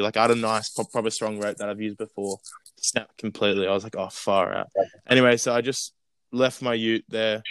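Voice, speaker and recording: Rambling young Australian guy, low smooth voice. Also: fairly bright tone, dry recording, low-quality recording. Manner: rambling, full of fillers and restarts. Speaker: guest. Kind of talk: casual storytelling.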